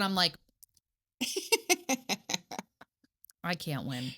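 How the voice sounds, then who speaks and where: A young woman co-hosting a casual podcast, telling stories in a profane, animated way with sarcastic asides. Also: low-pitched, drawn-out words. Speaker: podcast co-host. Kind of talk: casual true-crime podcast chat.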